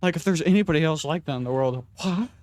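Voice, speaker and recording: A man's voice: on the high side, fast talker, darkish tone. A young man casually rambling and swearing while playing a game, self-deprecating and often restarting his sentences. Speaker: gaming vlogger.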